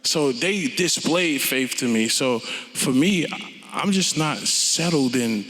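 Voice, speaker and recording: A man, a rapper telling his story onstage in a blunt, profane and animated way. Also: medium pitch, takes it slowly, in a large hall, slight background noise. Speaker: interview guest, rapper. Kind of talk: candid onstage conversation.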